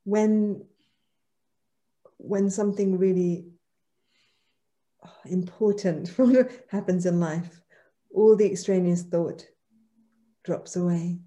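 Mellow, low-voiced woman speaker. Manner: measured, affirming. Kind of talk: reflective conversation.

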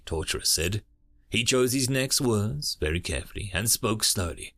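A man's voice: on the low side, animated, normal speed, fairly bright tone, dry recording, studio quality. A man narrating an audiobook and voicing many characters.

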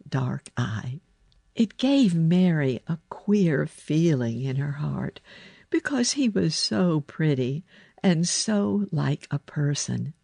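A woman reads a children's story aloud, her voice low and husky with a gravelly edge. She takes her time, and her pitch rises and falls expressively through each sentence. The recording is close and dry. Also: mellow, no room sound. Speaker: narrator.

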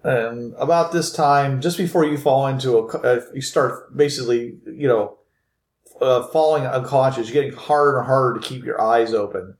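A man in the game master's seat, narrating a scene with a halting, restart-filled delivery. His voice sits at a middling pitch and rings in an echoey room.

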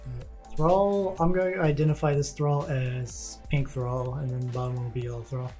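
A man running a tabletop game as game master, chatting casually with quick asides and laughs. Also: mid-range voice, fairly even intonation, mellow, soft background music.

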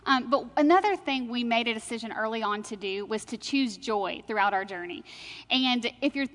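A young woman tells a church testimony with animated storytelling and a lot of laughter. Her voice sits a bit higher than most women's. A long hall reverb trails every phrase. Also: normal speed. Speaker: speaker sharing her testimony.

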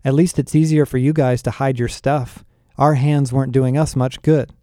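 A man's voice: medium pitch, steady tone, moderate pace, warm tone, no room sound, studio quality, lightly acted. A man voicing a blunt, impatient young woman. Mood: frustrated.

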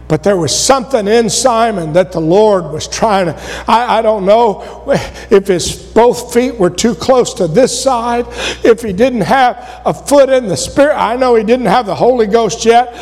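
Guy preaching in church, real high voice, big reverb, gets loud and fired up. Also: a little slow. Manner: impassioned, builds to shouting then drops low. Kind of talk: sermon. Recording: long reverb of a church hall.

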